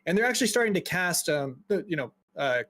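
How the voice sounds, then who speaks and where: A man narrating as game master of a tabletop game, relaxed and descriptive, with frequent ums. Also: on the high side, fast talker.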